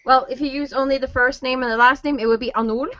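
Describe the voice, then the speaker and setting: Chatty giggly woman cohost, kinda high voice, dull lo-fi sound. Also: steady tone, quick pace, fairly bright tone, dry recording. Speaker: podcast co-host. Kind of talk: casual interview chat. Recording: dull lo-fi podcast audio.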